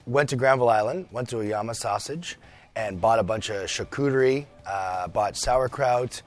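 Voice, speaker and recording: A man from British Columbia, a chef, chatting as a guest in a radio studio, relaxed and friendly with lots of small hesitations. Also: medium pitch, normal speed, faint music behind. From British Columbia, Canada. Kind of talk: casual radio interview.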